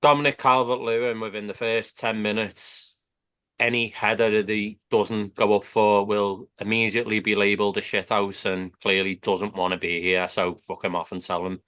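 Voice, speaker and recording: Low, smooth-voiced blunt man. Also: level tone, normal speed, fairly bright tone. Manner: blunt, sweary. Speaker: podcast panelist. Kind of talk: casual chat.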